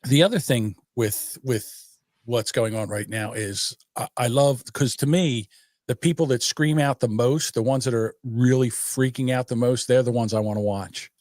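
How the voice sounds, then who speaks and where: An older man co-hosting a podcast, teasing and animated in crude banter. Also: medium pitch, moderate pace, dry recording, clean studio sound. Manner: animated, teasing, does mocking voices. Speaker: podcast co-host. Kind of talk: crude casual political banter.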